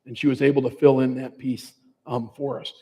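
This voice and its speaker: A man's voice: mid-range voice, level tone, fairly quick, vocal fry, warm tone, slightly rough. Earnest middle-aged man in a reverberant hall. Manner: earnest, conversational storytelling. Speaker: bereaved father giving a talk. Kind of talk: personal testimony speech. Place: large presentation hall.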